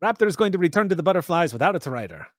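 Man playing a smooth-talking shady opportunist. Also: sits high, big pitch swings, very fast, dry recording, studio quality. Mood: scheming. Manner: persuasive, wheedling.

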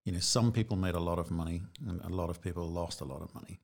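A man hosting a conversational interview, speaking in a measured, reflective way and often restarting phrases. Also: deep voice, steady tone, vocal fry.

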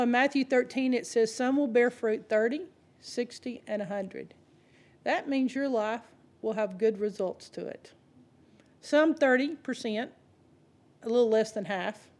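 A woman preacher with a fairly high voice, delivering a sermon. She talks straight to her listeners in a relaxed, conversational way, mixing scripture with funny personal stories. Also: a little slow. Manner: humorous storytelling with chuckles; conversational, addresses the congregation directly.

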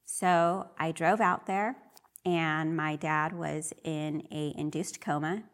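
A woman's voice: sits low, fairly even intonation, slow pace. A middle-aged woman sharing her personal faith testimony in an earnest, emotional way. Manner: earnest and emotional, often re-voicing her own prayers.

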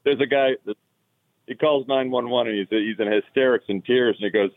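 A man's voice: mid-range voice, brisk, no room sound. A man telling golf jokes in a casual comedy podcast chat, a playful storyteller who teases the others. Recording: tinny dry phone-like sound.

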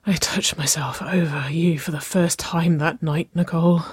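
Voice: mid-range voice, steady tone, moderate pace, slightly rough, no room sound, clean studio sound. A reader voicing a desperate young woman in love, breathless and pleading, slipping into whispers.

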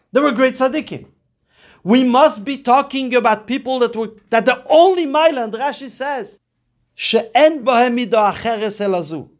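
A man giving a Torah class on Talmud, speaking earnestly and mixing Hebrew and Yiddish terms into his English, rising to urgent emphasis as he exhorts. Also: high-pitched. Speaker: rabbi teaching Talmud.

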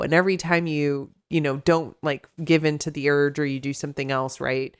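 Woman, podcast co-host, therapist, lower-pitched voice, rambling chatty delivery, frequent laughs. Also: steady tone, moderate pace, hardly any pauses, smooth. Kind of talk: casual podcast chat.

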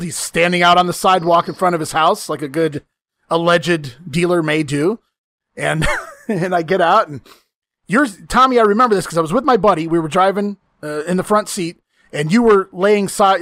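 Man, casual storyteller, high-pitched, dead dry sound, profane, laughs a lot. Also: a bit bright, dry recording. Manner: profane, laughs often, acts out quotes.

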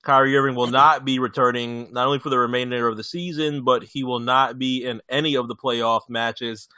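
A man's voice: medium pitch, fairly quick, clean tone, no room sound. A young man co-hosting a casual podcast, talking loosely, swearing and laughing a lot. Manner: laughs often, swears, animated. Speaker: podcast co-host.

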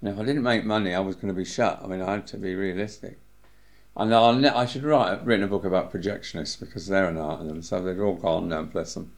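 A man's voice: low-pitched, quick pace. An older Englishman telling chatty stories in a casual interview, his words slurred from medication. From England. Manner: lively, chatty storyteller. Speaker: interviewee, former cinema manager. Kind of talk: casual anecdotal storytelling.

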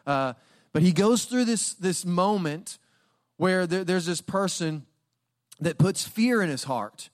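A man's voice: high-pitched, lively intonation, slow pace. A young man preaching as a guest speaker, telling funny personal stories in a conversational way and laughing often before turning to his sermon. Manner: conversational, jokey storytelling with frequent laughs.

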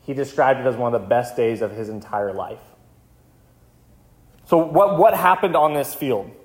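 A male pastor telling a vivid story in a sermon, slowing down for dramatic moments. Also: mid-range voice, animated. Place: church.

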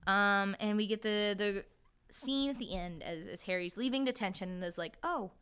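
Here a young female podcast co-host talks through a book in a loose, chatty way, dropping plenty of fillers and performing quotes aloud. Her medium-pitched voice comes at normal speed, fairly bright, clear and resonant.

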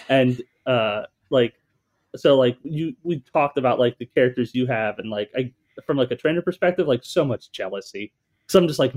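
A man's voice: mid-range voice, lively intonation, normal speed, darkish tone. A man co-hosting a podcast and telling playful stories about his work as a trainer. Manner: playful, storytelling. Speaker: podcast co-host, former trainer. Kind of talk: casual podcast chat.

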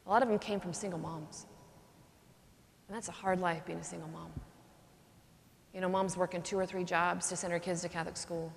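A woman's voice: fairly low pitch, steady tone, brisk, creaky, pauses often. A woman, a nun giving a charismatic retreat talk, teaching in an earnest, conversational way and acting out little scenes. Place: cathedral. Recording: long cathedral reverb.

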